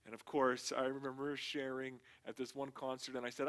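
A man's voice: medium pitch, steady tone, fast talker, a bit bright. A male pastor giving a casual, conversational sermon with slangy asides.

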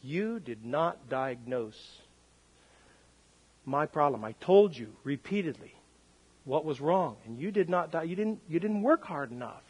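A male preacher quoting a quiet wife who calmly tells her doctor how he failed her. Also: husky. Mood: hurt. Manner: low, soft and measured. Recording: long hall reverb.

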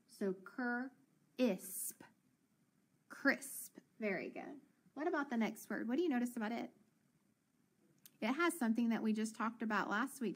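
Woman teacher sounding out words. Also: on the high side. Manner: encouraging, sounds words out slowly. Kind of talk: phonics lesson for children.

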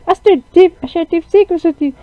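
Heartbroken undead girl, squeaky and pleading, muffled recording, put on by a man. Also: brisk, no room sound. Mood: hurt, tearful. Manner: tearful, wounded, pleading. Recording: dull lo-fi sound.

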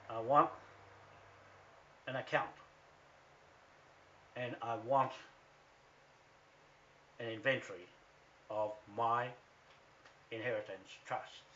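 A man with a New Zealand accent delivers a defiant, accusatory rant straight to camera. His voice is forceful and tense, and he swears freely. The recording sounds dull and lo-fi. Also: medium pitch, slight background noise. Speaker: activist vlogger. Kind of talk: angry direct-to-camera rant.

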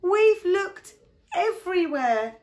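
A woman reading aloud, voicing an eager young boy piglet in a high, urgent voice. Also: expressive, takes it slowly. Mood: worried.

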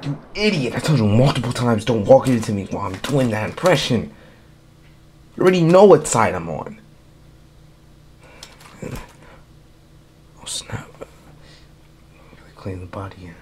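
A man doing comedic gameplay commentary in a joking, slangy, animated way. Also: mid-range voice, fairly quick, a little hiss or hum. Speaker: gaming YouTuber. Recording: background music under voice.

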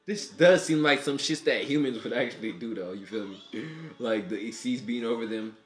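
A man giving casual, profane reaction commentary while he watches an anime, excitable and thinking out loud. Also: mid-range voice, moderate pace, reverberant, soft background music.

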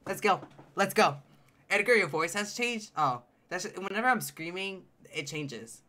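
A man streaming a game live, reacting with loud, excitable outbursts and teasing his chat. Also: high-pitched, unhurried. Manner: addresses chat directly, playful teasing. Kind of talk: live gameplay commentary.

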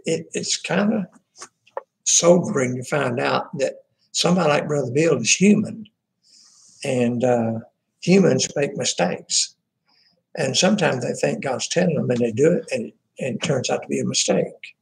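A pastor talks informally through his church's prayer requests, halting and folksy, with many fillers and restarts. His mid-range voice is creaky, and the audio quality is poor.

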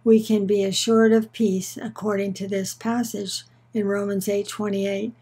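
Warm, husky-voiced woman teaching scripture. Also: medium pitch, little pitch movement, low-quality recording. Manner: measured, slows on key words for emphasis. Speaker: Bible teacher.

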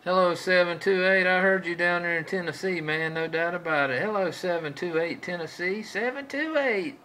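A man's voice: high-pitched, steady tone, brisk, pushed and bright, a little hiss or hum, poor audio. A man trading folksy CB radio chatter with other operators, drawing out his calls and repeating his stock phrases.

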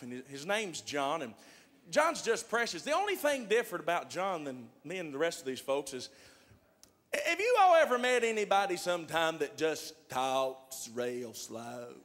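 Man, stand-up storyteller, lively swooping pitch, echoing hall, faint music behind. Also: normal speed. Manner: animated, playful, teasing the host. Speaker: gospel comedian and storyteller. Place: large concert hall stage.

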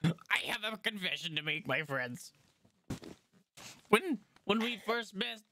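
Red goblin trader, male, squeaky high, sharp bright voice, wheedling sales talk, put on by a game master. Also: wildly swooping pitch, a little slow, heavily acted. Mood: sheepish. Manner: fawning sales patter, nervous confessions.

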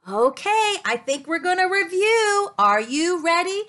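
A woman speech-language pathologist leading a playful children's lesson in an animated, sing-song, exclamatory way. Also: very high voice, unhurried, few pauses.

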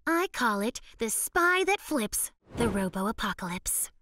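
A woman voicing an eager female yeti filmmaker in a kids cartoon, talking in a lively, excitable way. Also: fairly high pitch, unhurried, slight background noise. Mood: excited. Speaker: cartoon character. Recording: cartoon soundtrack with music.

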